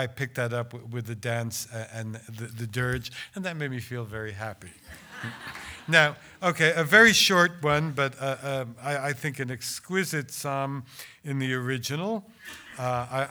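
Bright-voiced older man lecturing haltingly. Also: mid-range voice. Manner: hesitant, stammering restarts in explanation, measured and declamatory when reciting. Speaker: translator giving a talk. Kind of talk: lecture with poetry reading.

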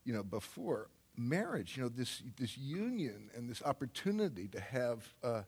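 Gravelly older man telling rambling stories. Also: mid-range voice. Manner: rambling, laughs often, sudden loud bursts. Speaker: speaker on stage. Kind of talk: personal storytelling to an audience. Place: stage before an audience.

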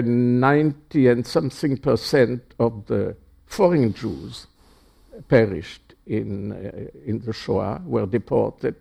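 An older man from Czechoslovakia is interviewed about his past. He speaks slowly in a dark, gravelly voice, pausing often and restarting his sentences. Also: mid-range voice. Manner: halting, with many fillers and restarts. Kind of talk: oral history interview.

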